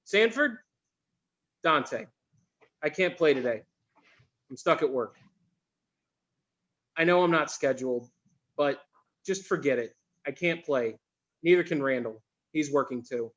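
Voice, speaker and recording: A put-upon young store clerk, exasperated and quick to say sorry, read aloud by a man. His voice sits high and swings widely. The sound is muffled and lo-fi. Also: lively intonation, fairly bright tone. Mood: dejected. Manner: exasperated, cursing, quick to apologize. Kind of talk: live script reading.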